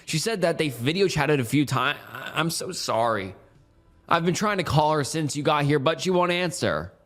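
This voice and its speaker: A man's voice: medium pitch, sing-song, slow, a bit bright, faint music behind. A man voicing a scared, guilty teenage girl who stammers and keeps apologizing. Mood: tearful.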